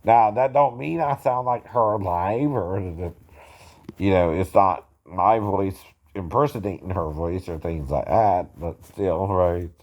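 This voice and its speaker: A man's voice: sits low, slow, a little mellow, dull audio. Man who caps every phrase with "right?". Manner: ends nearly every phrase with a questioning "right?"; chuckles often, a bit self-conscious. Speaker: amateur impersonator explaining singing impressions. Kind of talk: casual talking-head chat.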